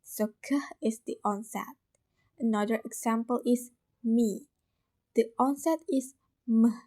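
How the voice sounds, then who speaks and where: A woman student with an Indonesian accent presenting a class video lesson, explaining slowly and carefully with repeated examples. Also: on the high side, dark tone.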